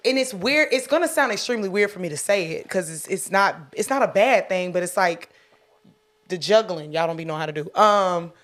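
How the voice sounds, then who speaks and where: Woman co-host, mid-pitched, frank and profane, easy laughter. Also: animated, a little fast, a bit bright. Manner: candid, profane, laughs often. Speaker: podcast co-host. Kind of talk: casual chat. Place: podcast studio.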